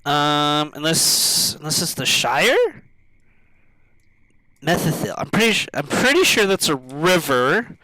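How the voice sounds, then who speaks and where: A male streamer thinks aloud slowly while playing, often trailing off and restarting. His voice is bright and fairly high, recorded dry and close with keyboard typing behind. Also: very animated. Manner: slow, musing, halting, self-talk. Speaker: game streamer. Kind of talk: casual live-stream commentary.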